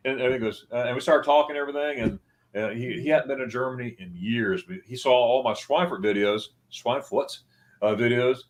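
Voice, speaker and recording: Over a video call, a man hosting a travel livestream chats casually and wanders through anecdotes, performing the voices of people he quotes. His mid-range voice moves briskly, with slight background noise in the recording.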